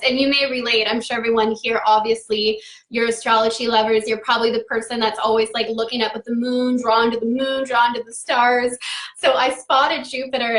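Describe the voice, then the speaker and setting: A woman's voice: a little high, a bit bright, reverberant. A woman in her thirties hosting a live-stream astrology talk, upbeat and affirming, greeting viewers by name.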